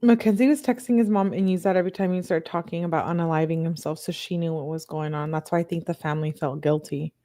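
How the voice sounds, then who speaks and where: A woman hosting a show, reading text messages aloud in a plain, steady way and breaking off for blunt, disbelieving asides to her viewers. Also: low voice, quick pace, few pauses. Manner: reads chat comments aloud to viewers. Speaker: channel host.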